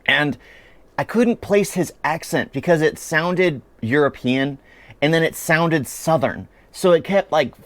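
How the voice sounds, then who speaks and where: A man's voice: on the high side, unhurried, a bit bright, no echo. A man giving a chatty, opinionated spoken review of a series, often laughing as he talks.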